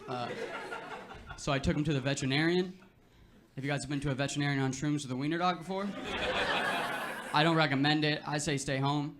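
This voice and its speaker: A man's voice: a little high, steady tone, brisk, long pauses, background noise. A young man doing a stand-up set on a club stage, talking in a loose, laid-back way full of filler words, with the audience laughing. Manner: laid-back, filler-heavy delivery with frequent "like" and "you know". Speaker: stand-up comedian.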